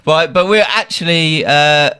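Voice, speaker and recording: A man hosts a podcast with a somewhat high-pitched voice. He tells his story in a loose, animated chat, laughing often and swearing freely. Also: measured pace, clean tone. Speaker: podcast host.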